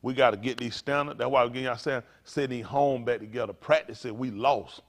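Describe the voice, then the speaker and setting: An older man preaching to a congregation, in a folksy, playful way with sudden loud bursts. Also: medium pitch, steady tone, a little fast. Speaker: pastor.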